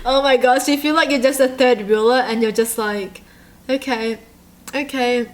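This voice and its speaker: A woman's voice: on the high side, a little fast. A bubbly, giggly young woman from Australia, chatting casually as she reacts to memes. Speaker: YouTube reaction host.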